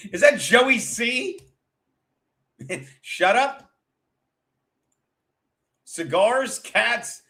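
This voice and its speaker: With a high, sharp-toned voice, this man hosts a livestream and spins a profane, meandering comic tale. He keeps cutting himself off as the story tumbles out, bantering with viewers throughout.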